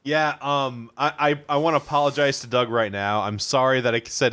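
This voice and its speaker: A man's voice: mid-range voice, steady tone, a little fast, sharp tone, smooth. A man co-hosting a casual podcast chat, easygoing and a bit sheepish. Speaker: podcast co-host.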